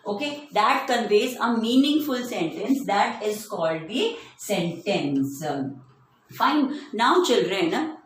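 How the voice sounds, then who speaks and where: A woman teacher, explaining grammar to children slowly and deliberately, stretching out her example words. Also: fairly high pitch. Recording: very echoey room, faint hum.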